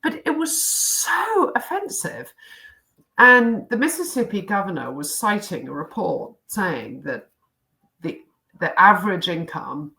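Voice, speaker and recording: A woman's voice: sits low, creaky, sharp tone, poor audio. A British woman, a former diplomat, giving emphatic, indignant political commentary and listing her points one by one. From United Kingdom.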